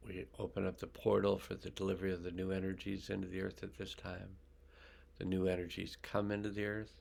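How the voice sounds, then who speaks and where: An older man, an energy healer, leading a guided healing meditation in a slow, calm and soothing way with pauses. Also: low voice, creaky.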